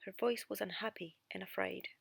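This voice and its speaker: A woman narrating a graded reader story in a calm, clear storytelling manner. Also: medium pitch, moderate pace, no room sound.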